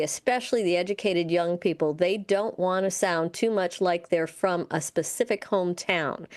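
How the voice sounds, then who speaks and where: A woman's voice: lowish voice, clean tone. Chatty woman radio host. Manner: chatty, reads news excerpts aloud with many fillers. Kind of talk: casual radio chat. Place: radio studio.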